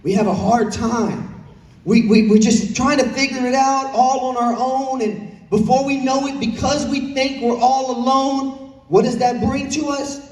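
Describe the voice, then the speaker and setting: A man's voice: extremely high pitch, fairly even intonation, a little slow, darkish tone. A young man preaching a sermon earnestly, with repeated phrases and questions to the congregation. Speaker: pastor. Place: church sanctuary. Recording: echoey church hall from far off.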